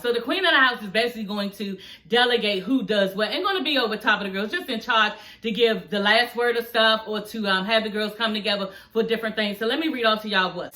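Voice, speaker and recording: A woman's voice: a little high, bright, forceful tone, echoey room, rough recording. A woman from Washington, D.C. giving a sassy, chatty recap of a reality show, calling her viewers honey and girl. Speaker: YouTube reality TV reviewer. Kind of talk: casual recap chat to camera.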